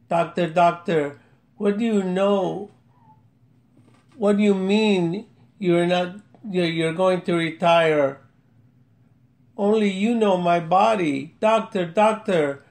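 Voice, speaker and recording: A man reading out his own humorous poem, chuckling and amused at himself. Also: sits high. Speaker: amateur poet. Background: faint music.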